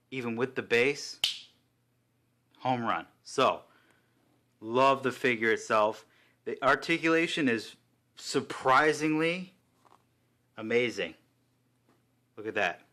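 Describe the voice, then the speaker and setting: A man chatting casually and excitedly while reviewing a collectible figure, swearing now and then. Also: mid-range voice.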